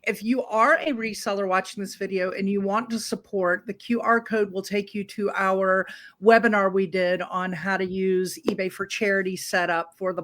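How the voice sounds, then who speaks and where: A woman's voice: mid-range voice, pushed and bright. A woman hosting a reselling show, introducing a video in a chatty, slightly scattered, upbeat way.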